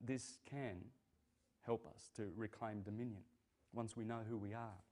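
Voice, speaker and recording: A man with a mellow, warm voice talks in a casual, emphatic way. He pushes his points hard and rises to indignant bursts. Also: fairly low pitch, steady tone, a little slow, faint music behind. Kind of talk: casual speech.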